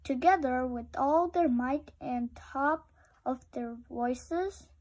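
A woman reading a children's picture book aloud with slow, expressive storytelling. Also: high voice, poor audio.

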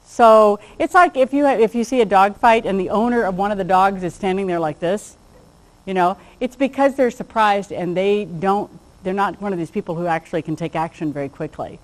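A woman's voice: mid-range voice, a little fast, low-quality recording. A woman giving an informal lecture on dog behavior to a class, chatty, acting out little bits of dialogue and laughing at her own jokes.

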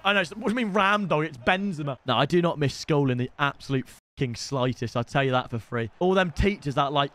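An excitable young man with a notably high voice streams a football game, giving live gameplay commentary. He banters loosely with viewers in slang, talks briskly with hardly any pauses, and shouts loudly when things go his way.

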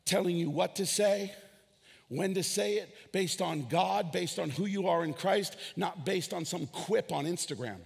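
A man preaching a sermon as pastor, animated, with shouted peaks and acted-out dialogue. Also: high voice, measured pace, vocal fry, husky, long reverb tail. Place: church hall.

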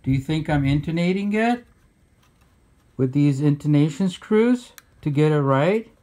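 Guy with a highish voice, taking his time, mock-bitter sarcastic rant into a handheld camera. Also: animated, a little slow, dark tone. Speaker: guitar builder. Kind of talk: sarcastic workshop vlog. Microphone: handheld camera mic.

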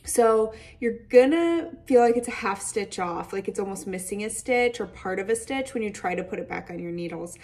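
A woman's voice: medium pitch, lively intonation, normal speed, few pauses. A woman hosting a casual knitting podcast, chatty and enthusiastic, her voice a little tired and hazy. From Michigan. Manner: chatty, warm-hearted, enthusiastic with fillers. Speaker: podcast host. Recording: voice a bit distant from the mic.

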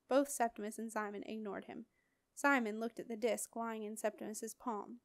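Audiobook narrator, woman, steady expressive read, fairly high voice, dry booth sound. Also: moderate pace, no room sound. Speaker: audiobook reader. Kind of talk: scripted narration.

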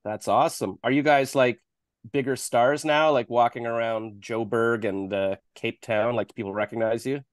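A man's voice: mid-range voice, steady tone, normal speed, no echo. A man hosting a casual, joking interview with a film cast over a video call. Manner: joking, playful banter.

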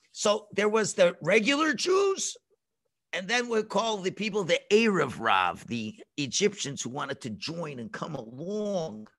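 A man teaching a children's religious class over a video call, telling the story in an animated way and acting out the voices. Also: high-pitched.

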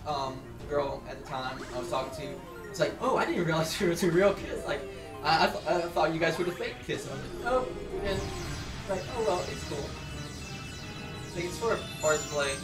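A young man telling a story in a rambling, casual way while playing a game, with lots of fillers and sudden loud outbursts. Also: on the high side, moderate pace, long pauses, far from the mic. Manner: rambling, filler-heavy, bursts into loud exclamations. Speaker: let's play host. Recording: echoey room, voice off-mic. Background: game music.

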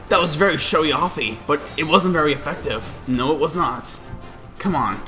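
A man giving excitable, profane commentary while playing a video game, often yelling at his teammates. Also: a little high, moderate pace, soft background music. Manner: excitable, swearing, yells at teammates. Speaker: gaming video host. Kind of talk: let's play commentary.

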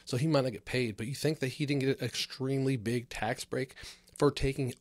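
A man's voice: medium pitch, steady tone, a little fast, no room sound. A man from California hosting a comedy podcast alone, rambling loosely through filler words and swearing as he talks to camera. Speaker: podcast host. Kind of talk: casual comedic monologue.

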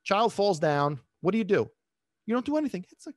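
A man hosting a podcast as a dog trainer, talking in an animated way, acting out little voices and asking listeners questions. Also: high voice, a little fast, no echo, studio quality. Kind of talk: podcast monologue.

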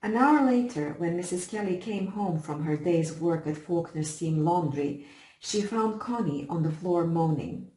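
A woman reading a short story aloud as audiobook narrator, steady and measured. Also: lowish voice, reverberant, slight background noise, rough recording. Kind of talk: scripted narration.

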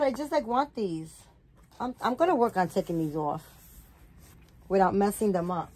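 A woman's voice: medium pitch, expressive, moderate pace, long pauses, darkish tone, slightly rough. A woman vlogging at home as she unboxes a gift, gushing and filling her talk with "like" and "um.". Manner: gushing, full of "like" and "um" fillers. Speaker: doll channel vlogger. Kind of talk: casual unboxing vlog. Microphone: phone or camera set nearby.

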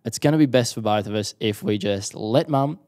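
A man's voice: on the low side, a little fast. A young Australian man telling a personal story in a casual interview, acting out what people said. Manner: animated storyteller acting out quotes. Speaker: guest.

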